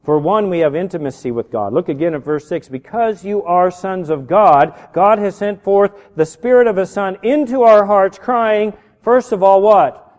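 Fairly high-pitched middle-aged guy preaching, gets loud and animated, big reverby hall. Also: moderate pace, few pauses. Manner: animated preaching, rising to shouts on key words. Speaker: pastor. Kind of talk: sermon.

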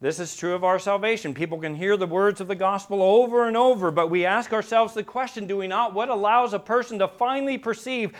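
A man preaching a sermon. He swings from quiet, low passages to loud, emphatic peaks and asks the congregation rhetorical questions. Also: brisk, hardly any pauses. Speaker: pastor.

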